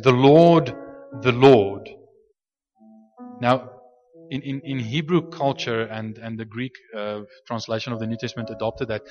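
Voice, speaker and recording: In a muffled recording, a man with a medium-pitched, slightly bright voice preaches a sermon in a loose, unscripted teaching style. He often restarts and repeats words, and he slows down to stress scripture as he reads it aloud.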